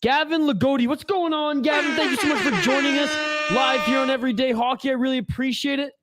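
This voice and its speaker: A man's voice: extremely high pitch, flat delivery, quick pace, very noisy. A man hosting a live hockey watch-along stream, giving casual play-by-play and joking and swearing while reading chat aloud. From Canada.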